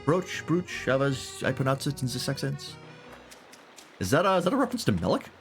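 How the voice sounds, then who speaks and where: A gaming streamer gives casual let's-play commentary, joking and irreverent. He speaks fast at medium pitch, his voice swooping wildly, over game music.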